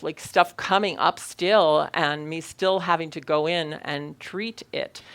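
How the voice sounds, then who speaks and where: A woman's voice: low voice, vocal fry, a bit bright. A middle-aged woman minister giving a Sunday sermon, telling a personal story in an earnest way and laughing often.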